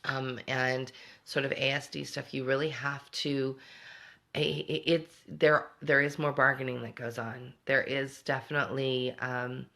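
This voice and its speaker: A woman's voice: very deep voice, level tone, unhurried, gravelly, a bit bright. A middle-aged woman hosting a casual livestream, talking reflectively and answering viewer comments as she goes. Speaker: homeschooling parent and show host.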